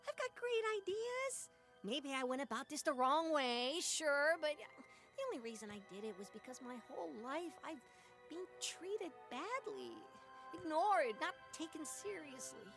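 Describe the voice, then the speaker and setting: Woman plays a small boastful creature villain for a game; very high, lively delivery. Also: measured pace, soft background music, heavily acted. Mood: pleading. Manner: whiny, then gloating and boastful.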